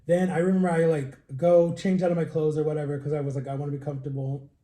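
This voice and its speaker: Animated young man telling a story. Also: fast, echoey room. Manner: animated, acts out quotes with pitch jumps. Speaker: vlogger. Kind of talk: casual storytime while tasting wine.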